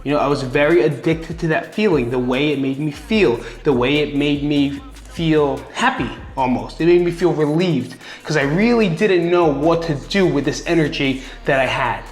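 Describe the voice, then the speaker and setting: A young man with a fairly high voice talks casually and earnestly to his viewers. He speaks candidly and encouragingly, and his voice rings around an echoey room. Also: normal speed, hardly any pauses, soft background music. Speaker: video host. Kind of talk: casual direct-to-camera talk.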